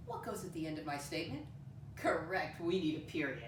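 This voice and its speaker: A woman teacher leading a first-grade math lesson, with a sing-song manner and slow letter-by-letter spelling. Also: lowish voice, animated, recorded from a distance, slight background noise. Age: adult with a son. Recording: echoey room, voice off-mic.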